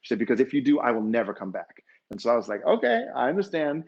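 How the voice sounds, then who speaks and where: A man's voice: fairly low pitch, rapid-fire, breathy edge. Man, dance instructor, keynote storytelling, emotional, acts out voices, dull recording. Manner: animated storyteller acting out dialogue, emotional. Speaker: fitness instructor and conference speaker.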